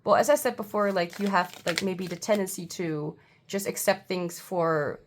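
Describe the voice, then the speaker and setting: A woman giving a casual pick-a-card tarot reading at home, halting and full of fillers, with blunt irritated outbursts. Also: fairly low pitch, noisy background. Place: home, seated.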